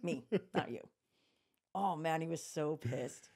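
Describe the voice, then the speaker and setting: A woman hosting a podcast, telling a work story in a blunt, profane, animated way. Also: low-pitched, slow pace, breathy edge. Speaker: podcast host. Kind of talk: casual storytelling chat.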